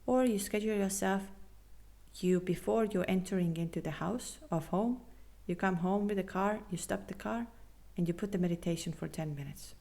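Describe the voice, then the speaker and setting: A woman hosting a spiritual podcast, talking earnestly and reassuringly with non-native phrasing, sometimes dropping to a soft half-whisper. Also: medium pitch, normal speed, gravelly. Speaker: podcast host and spiritual coach. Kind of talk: casual podcast monologue.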